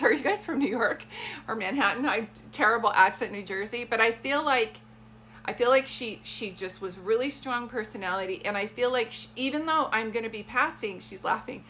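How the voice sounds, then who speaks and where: A woman with a bright, forward voice leads a live-streamed reading from her phone, chatting in loose asides. A faint hiss and a soft hum sit under her voice. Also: on the high side, normal speed. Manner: chatty, warm-toned, rambling asides. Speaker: psychic medium.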